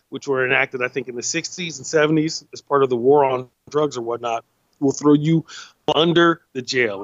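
Laid-back podcast host with a California Black accent. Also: male voice, medium pitch, a bit bright, no room sound, muffled recording. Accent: Californian Black American. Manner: laid-back, repeats himself, says man and you know. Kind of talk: rambling casual monologue.

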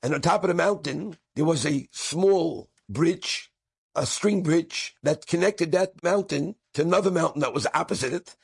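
A man's voice: on the high side, moderate pace, creaky, breathy edge, no room sound. A man, a rabbi, telling an inspirational story with Yiddish and Hebrew words mixed into his English.

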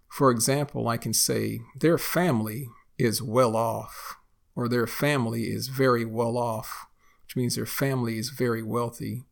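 A man teaching slang in a slow, careful, scripted podcast lesson with examples. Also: mid-range voice, gravelly.

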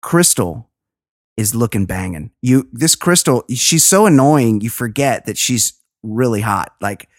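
A woman's voice: very deep voice, animated, a little slow, dry recording, clean studio sound. A woman hosting a podcast, recapping a reality show in a gossipy, sarcastic, profane way. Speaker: podcast host. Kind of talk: casual podcast chat.

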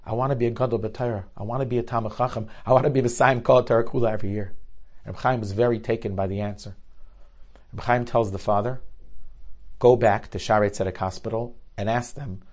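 A man telling stories in a sermon, rising loud for climaxes and dropping low for tense moments, with Hebrew and Yiddish terms woven in. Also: steady tone, fairly quick. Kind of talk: storytelling sermon.

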